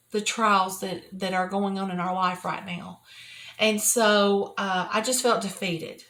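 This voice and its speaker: An older woman, sharing a personal devotional talk from her office in an earnest, repetitive, often soft-spoken way. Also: mid-range voice. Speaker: Christian video host. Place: private office at work.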